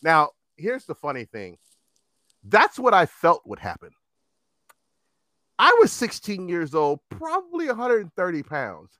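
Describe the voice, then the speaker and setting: Animated, profane man in his fifties. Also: sits high, unhurried, pauses often, no echo. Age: 50s. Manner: animated, profane, laughing storyteller. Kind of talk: casual storytelling chat.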